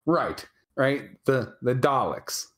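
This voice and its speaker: An American man co-hosting a casual chat, rambling and halting with many restarts. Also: mid-range voice, expressive, a bit bright. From United States. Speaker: co-host.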